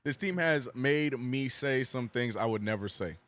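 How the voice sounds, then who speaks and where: A man streaming a live basketball watch-along, calling plays and reading chat with animated, joking frustration. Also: mid-range voice, normal speed. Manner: animated, joking, reads chat messages aloud; frustrated fan venting and cursing.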